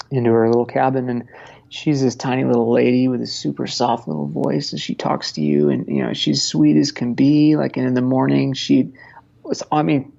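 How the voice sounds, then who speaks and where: A Montana man in his thirties is a guest on a casual interview podcast, rambling with many restarts and frequent laughter. His medium-pitched voice is creaky and warm, and the sound is lo-fi.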